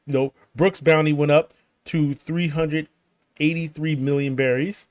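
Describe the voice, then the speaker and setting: A man's voice: a little high, steady tone, unhurried, no room sound, clean studio sound. A man casually recapping a manga chapter over game footage, rambling with lots of fillers, restarts and little chuckles. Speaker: gaming channel host recapping a manga chapter.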